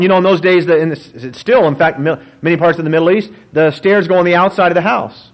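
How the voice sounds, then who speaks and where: A man, a pastor, preaching a sermon in an animated, joking storytelling manner. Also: fairly high pitch, fast, few pauses, poor audio.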